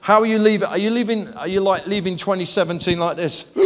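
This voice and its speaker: Lively preacher, high-pitched, story-driven, recorded with a long church-hall echo. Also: male voice, fast talker. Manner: animated storytelling, acts out voices and laughs. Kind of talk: lively sermon.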